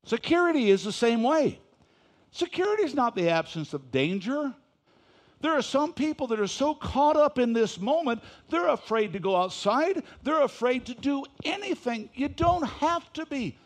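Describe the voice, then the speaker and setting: Pastor, male, very high pitch, folksy sermon delivery that builds to emphatic shouting. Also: very animated. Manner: swings from soft asides to loud emphatic preaching; reads scripture slowly with stress.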